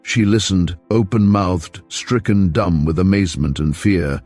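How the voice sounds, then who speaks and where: A man narrating a mystery novel as an audiobook, steady and measured. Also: low-pitched, faint music behind. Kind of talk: scripted narration.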